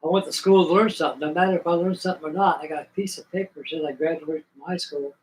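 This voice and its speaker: An older man tells stories in a loose, meandering way, full of folksy asides. His voice sits a touch higher than most men's. He is from the American South and is in no hurry. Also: fairly even intonation, a little hiss or hum, low-quality recording. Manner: folksy, rambling, drawn-out reminiscing. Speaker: livestream host. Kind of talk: rambling storytelling chat.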